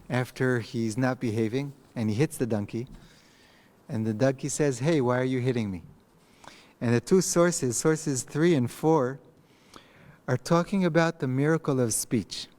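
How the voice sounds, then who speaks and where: A man, giving a recorded text lecture in an empty study hall, speaking thoughtfully with pauses and restarts. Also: medium pitch, darkish tone. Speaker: rabbi teaching a text class. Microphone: microphone.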